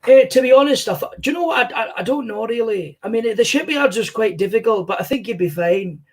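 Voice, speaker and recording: A man's voice: extremely high pitch, expressive, fast, voice pushed up. A man doing an impression of a famous older Scottish comedian, telling rambling, sweary anecdotes in a Scottish accent. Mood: musing. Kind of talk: stand-up impression, storytelling.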